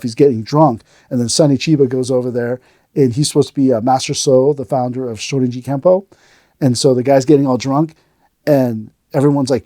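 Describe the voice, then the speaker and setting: Middle-aged male aikido teacher, podcast host, lively storyteller who acts out quotes; mellow tone, dry close sound. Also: mid-range voice, dry recording. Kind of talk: casual podcast chat.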